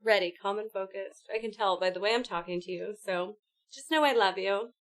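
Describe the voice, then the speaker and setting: A woman's voice: mid-range voice, fairly quick, a bit bright. A woman hosting a gaming livestream, chatting casually with viewers and co-players and laughing often. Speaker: livestream host. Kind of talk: casual chat with stream chat and co-players.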